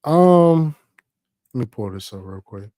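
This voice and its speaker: A man hosting a live stream, talking in a casual, animated, profane and rambling way. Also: medium pitch, unhurried, no room sound, studio quality. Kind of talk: casual livestream commentary.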